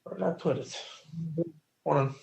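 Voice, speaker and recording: A man teaching a Torah class, excitable and rhetorical, his voice jumping up when he gets animated. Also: a little high, normal speed, creaky, muffled recording.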